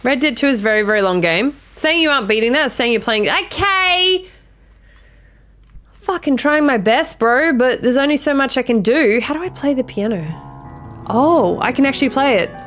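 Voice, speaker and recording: A woman streaming a game live, chatting casually with her viewers, giggly and quick to swear and apologize. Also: sits high, animated, faint music behind. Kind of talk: casual live-stream chat while gaming.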